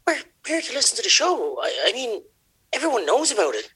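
A man voicing a flustered, bossy middle-aged Irish woman with an Irish accent, talking high and exasperated. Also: wildly swooping pitch, fairly quick, pushed and bright, breathy edge, heavily acted. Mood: flustered scolding.

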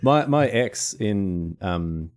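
A man with an Australian accent co-hosting a podcast in casual chat, animated and teasing, often laughing. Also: lowish voice, very slow. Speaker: podcast co-host.

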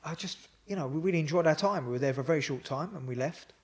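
A podcast guest with a fairly high-pitched voice talks quickly, telling stories in a loose, rambling fashion. Ums fill his speech, and he performs the lines other people said to him.

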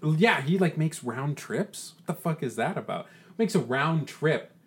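A man playing his character in an improvised role-play game, expressive and swearing a lot. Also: a little high, normal speed. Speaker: player.

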